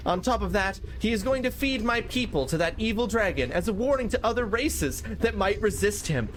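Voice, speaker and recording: A man's voice: sits high, animated, a little fast, background noise, voice pushed up. A grave rock-people chief, as a man reads him out.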